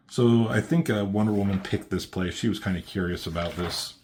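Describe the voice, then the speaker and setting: A low-voiced man recaps a comic issue in a loose, rambling way, full of "like" and "um." He sounds relaxed and unscripted, like a reviewer talking it through. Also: fairly quick, hardly any pauses, slight background noise. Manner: rambling, filler-heavy, laid-back.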